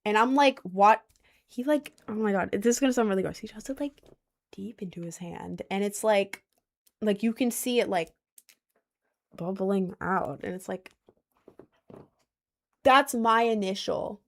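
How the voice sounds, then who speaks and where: A woman's voice: medium pitch, unhurried, gravelly, long pauses. A young woman telling a casual storytime, rambling with lots of filler words and apologetic asides.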